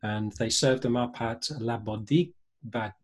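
A man's voice: medium pitch, fairly even intonation. A man, co-hosting a casual chat, often stumbling and restarting his words. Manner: halting, stumbles over words. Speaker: co-host.

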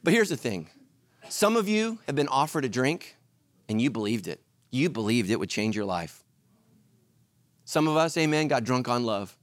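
Middle-aged male preacher, animated storyteller, very expressive pitch, dry close mic. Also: normal speed, no echo. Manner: animated storytelling, acts out voices. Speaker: pastor. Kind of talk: sermon.

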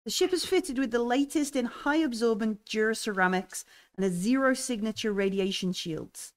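A woman narrating as game master of a tabletop game, often pausing with ums and likes as she describes the scene. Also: fairly high pitch. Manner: hesitant, full of ums and likes.

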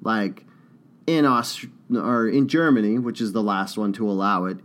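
A man's voice: fairly low pitch, moderate pace. A man co-hosting a casual comedic chat, joking and slipping into put-on accents as he tells stories. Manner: joking, puts on accents mid-story. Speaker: podcast co-host.

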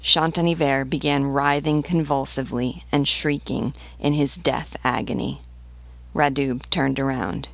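Lady teacher reading a novel out loud, steady pace, slightly gravelly creaky voice, dry sound. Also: a bass voice, no room sound. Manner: measured, steady narration. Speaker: literature teacher reading aloud.

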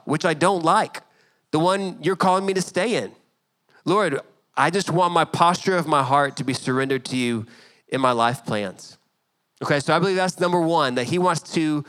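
Casual, lively preaching man, higher voice. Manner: conversational, animated storytelling with asides to the congregation. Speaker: pastor. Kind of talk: sermon.

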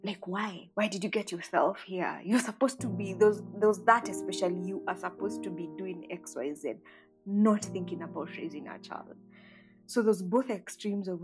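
A woman's voice: mid-range voice, normal speed, poor audio. A woman in her thirties, a podcast guest, reflecting conversationally on her life with many fillers. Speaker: interview guest. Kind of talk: candid personal storytelling. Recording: guitar music underneath.

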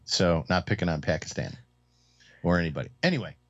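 A low-voiced man co-hosts a relaxed panel talk, working through economic points with frequent fillers and restarts. The audio is dull and lo-fi. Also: brisk. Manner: explains economics with hesitant fillers. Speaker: co-host. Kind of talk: casual round-table discussion. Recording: dull lo-fi sound.

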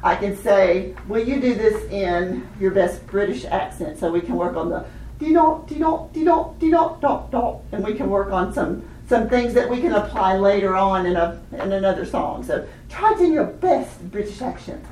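A woman leading a hands-on children's music workshop, animated and laughing often as she teaches chanted rhythms. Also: mid-range voice, normal speed, a little hiss or hum. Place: workshop room with participants. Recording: echoey room, voice from a distance.

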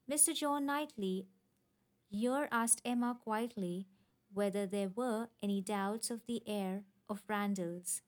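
Unhurried woman narrating a novel. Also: medium pitch. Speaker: audiobook narrator. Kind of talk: scripted narration of a classic novel.

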